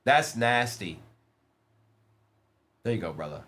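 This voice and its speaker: In a mid-range voice, a man quickly lists player names while hosting a card break on stream. Between moments of excitement, he teases the people watching.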